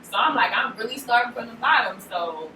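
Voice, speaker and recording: Bay woman, podcast co-host, animated storyteller; recorded roomy and off-mic. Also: fairly high pitch, a little fast. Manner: animated, full of "like", acts out quoted lines. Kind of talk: casual storytelling chat. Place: room in a shop with co-hosts. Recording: roomy, distant mic, noisy background.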